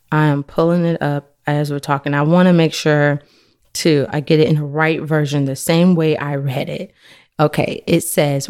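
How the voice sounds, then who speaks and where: A woman with a low, full voice hosts a faith podcast. She tells a personal story in an earnest, conversational way, like she is talking to a friend. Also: steady tone, normal speed, a little mellow, smooth. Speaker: podcast host.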